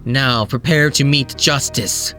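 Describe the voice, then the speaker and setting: A man voicing a soft-spoken sinister male assassin with a quiet, hushed delivery. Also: medium pitch, slow pace, faint music behind. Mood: menacing.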